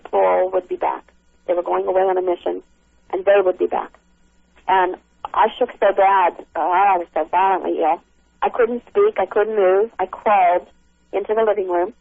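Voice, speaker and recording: A middle-aged woman recounting a frightening encounter over the phone, halting, with many restarts. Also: medium pitch, gravelly, no echo. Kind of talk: emotional first-person account. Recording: tinny phone line.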